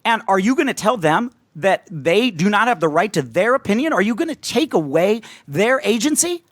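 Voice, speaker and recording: Combative male guest in a heated debate, lively intonation, dry recording. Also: high voice, normal speed, no room sound. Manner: combative, interrupting, argumentative. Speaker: podcast guest.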